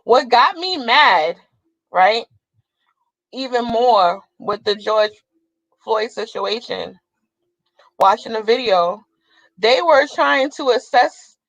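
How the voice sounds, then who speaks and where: A woman's voice: a little high, lively intonation, slow pace, long pauses, a bit bright, dry recording, poor audio. A young adult woman vlogger in a blunt, profane, fiery casual rant to her viewers. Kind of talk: casual ranting monologue.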